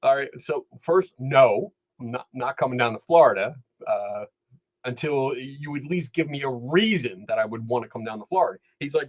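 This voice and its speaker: A man in casual podcast chat, recounting his cases as a skeptical investigator. He tells his stories with animation and slips into the voices of the people he quotes. His voice sits at an ordinary middle pitch. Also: moderate pace, muffled recording. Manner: animated storyteller, acts out quoted dialogue. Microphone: studio microphone.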